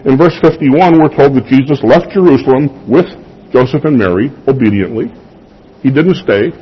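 A man's voice: medium pitch, moderate pace, breathy edge. A man preaching a sermon as a pastor, talking in a conversational way and asking the congregation rhetorical questions. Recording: slightly dull lo-fi sound.

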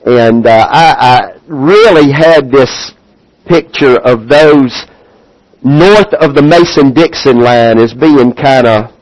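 Slow folksy Southern preacher. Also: male voice, medium pitch, low-quality recording. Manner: slow, folksy, many "uh" fillers. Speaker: visiting pastor. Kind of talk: church address. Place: church sanctuary.

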